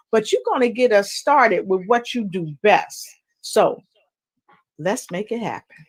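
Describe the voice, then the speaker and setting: A woman's voice: mid-range voice, animated, slow pace, slightly rough. A woman hosting a talk show, playfully hyping up each guest with rhymes as she introduces them. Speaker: host.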